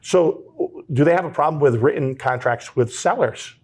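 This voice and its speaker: A man speaking as an interview guest, earnest and measured, pausing and restarting often. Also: on the high side, breathy edge. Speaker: trade association president, guest. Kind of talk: interview conversation.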